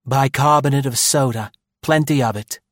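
A man voicing a sharp-tongued, shrewish society woman in an audiobook, with a crisp, sarcastic manner. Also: mid-range voice, unhurried, no room sound, clean studio sound, voice pushed up, lightly acted. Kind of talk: audiobook character voice.

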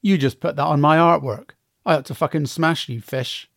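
A man's voice: on the high side, normal speed, vocal fry, no room sound, clean studio sound. A man voicing a menacing, crude, tattooed male convict who threatens his new cellmate.

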